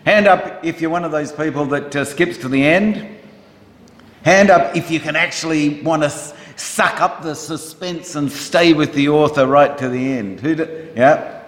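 At a moderate pace and with a voice a little on the high side, a male pastor talks through his sermon, asking the congregation questions as if in conversation. Church hall reverb fills the recording.

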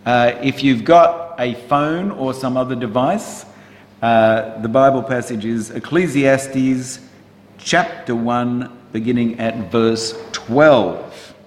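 Unhurried man preaching in an echoey church. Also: mid-range voice. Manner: conversational, asks the congregation questions. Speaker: pastor. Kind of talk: sermon. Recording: roomy church hall reverb.

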